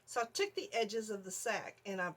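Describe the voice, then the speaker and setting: A middle-aged woman, telling an animated story on her vlog, laughing often and acting out her own screams. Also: mid-range voice, brisk, husky. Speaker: vlogger.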